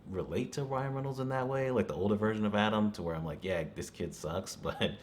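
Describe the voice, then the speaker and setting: A man talks through a movie review in a loose, rambling way, dropping "you know" and small chuckles as he goes. His voice is very low. A faint hiss runs underneath. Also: quick pace. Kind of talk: casual spoken review.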